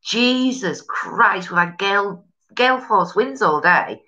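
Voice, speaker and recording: Reading viewer comments on her live stream, this Yorkshire woman chats away casually, blunt and rambling, full of sweary northern slang. She speaks slowly in a mid-range voice that's animated with a sharp edge, and the sound quality is lo-fi.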